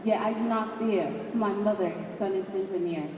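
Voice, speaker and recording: Student stage role: young woman as a hopeful dying statesman, measured rhyme, noisy reverberant hall. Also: medium pitch, lo-fi sound, close to an everyday voice. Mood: calm. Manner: measured rhyming delivery. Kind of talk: student spoken-word performance. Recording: echoey hall from far off, noisy.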